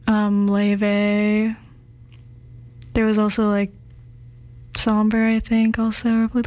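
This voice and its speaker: A woman's voice: medium pitch, a little mellow, dry recording. A young woman hosting a campus music radio show, chatting loosely with lots of fillers from a studio. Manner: rambling, loose, with many fillers. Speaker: radio host. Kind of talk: casual music radio chat.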